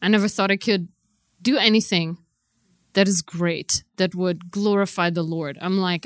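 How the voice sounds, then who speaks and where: A woman preacher telling a testimony in a casual, filler-heavy way, moving between hushed storytelling and loud, impassioned preaching. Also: on the low side, fairly even intonation, normal speed, dry recording. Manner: conversational, many "like" fillers.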